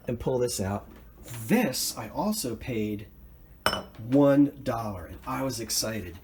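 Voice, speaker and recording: A man's voice: mid-range voice, lively intonation, slow pace, long pauses, background noise. A man hosting a thrift haul video, talking casually and enthusiastically about his finds, rambling with plenty of fillers and self-corrections. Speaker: thrift reseller vlog host. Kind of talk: casual show-and-tell chat.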